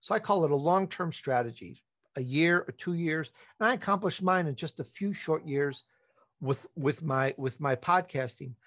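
A man talking as a guest on a podcast interview, emphatic and repetitive, rising to animated peaks. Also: on the high side, moderate pace.

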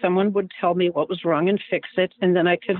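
A woman's voice: fairly low pitch, steady tone, fast talker. A woman guest speaking candidly about her own experiences in a casual conversation. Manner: candid, sympathetic listener. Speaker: interview guest. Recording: tinny phone-line audio.

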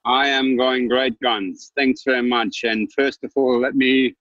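A man's voice: medium pitch, fairly even intonation, a little slow, a bit bright, no room sound. Upbeat man on a dull, dry call line. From German background. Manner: upbeat, folksy and blunt. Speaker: investor and panelist. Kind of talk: casual panel chat.

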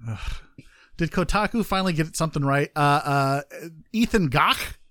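A man's voice: fairly high pitch, lively intonation, moderate pace, fairly bright tone, no echo. Male podcast host, jokey casual talker, dry mic. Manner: joking, trails off into asides. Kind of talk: casual gaming news chat.

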